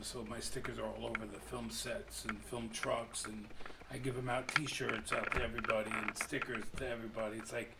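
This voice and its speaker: A man, a street artist guest on a radio talk show, chatting casually and rambling with many fillers, getting animated when telling stories. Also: mid-range voice, gravelly. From United States. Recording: roomy, distant mic, faint hum.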